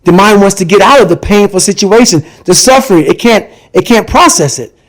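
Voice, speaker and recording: Guy with a highish voice, intense, keeps repeating himself to hammer the point, guest on a podcast. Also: brisk, rough recording. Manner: emphatic and repetitive, hammering points home. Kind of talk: intense personal storytelling in conversation.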